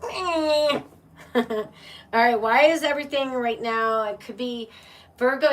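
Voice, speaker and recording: A woman's voice: a little high, distant mic. A woman giving a casual live-streamed tarot reading, chatty and playful, often laughing and calling her viewers "my love" and "baby". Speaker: tarot reader.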